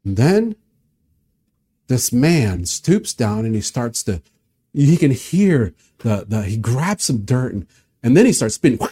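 A man's voice: mid-range voice, slow pace, slightly rough. A male pastor telling a story in a sermon, vividly asking listeners to imagine the scene. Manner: animated, vivid retelling, inviting listeners to imagine.

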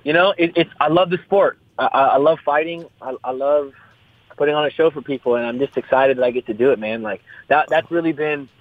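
A man's voice: on the high side, a little fast, dry recording. A young man, a fighter, talking in a casual interview, rambling, repeating his words and swearing freely. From US West Coast. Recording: tinny phone-like line.

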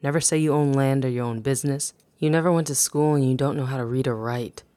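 A man voicing an earnest man in black who gives a solemn warning in a spoken memoir. His delivery is soft and steady. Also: medium pitch, fast, no room sound, natural voice.

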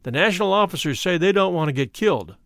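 A man's voice: high-pitched, animated, fast, a bit bright, dry recording, studio quality. A man voicing an earnest young union man who explains his worries urgently, in a memoir reading.

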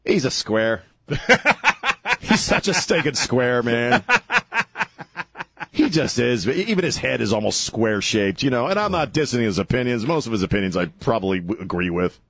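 A man's voice: mid-range voice, sing-song, moderate pace, a bit bright, husky, dry recording, clean studio sound. A man hosting a talk radio show, blunt and brash, laughing often between opinions. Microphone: studio mic.

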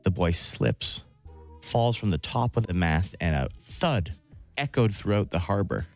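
A deep-voiced young man tells a long joke on a radio show. He is playful and quick to laugh. A little music plays faintly under his voice. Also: animated. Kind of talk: casual radio banter, telling a long joke.

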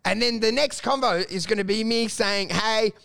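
A man trades crude jokes in a casual comedic chat, launching into mock rants. His voice sits high and carries a gravelly rasp. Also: normal speed, pushed and bright, dry recording, clean studio sound. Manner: crude, riffing, mock-ranting in put-on quotes.

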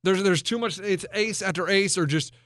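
A man's voice: high-pitched, moderate pace, a bit bright, no room sound, studio quality. A man co-hosting a casual sports talk show, who lectures and corrects the others with facts.

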